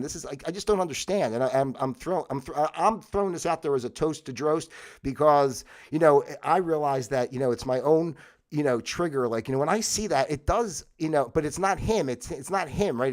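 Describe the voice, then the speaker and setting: Guy rambling on his livestream, lots of "you know", sometimes gets loud and worked up. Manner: rambling, many fillers and restarts; bursts into loud, high exasperated outbursts. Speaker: livestream host. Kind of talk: casual solo livestream monologue.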